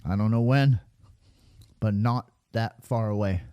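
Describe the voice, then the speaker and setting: A man talks over footage on screen, out of breath and rambling, sliding from sarcasm into preaching. His voice is mellow and dark, and it sits close and dry on the mic. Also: lowish voice, unhurried, clear, resonant tone, no room sound, dull audio. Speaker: video creator. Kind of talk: casual commentary over weather radar footage.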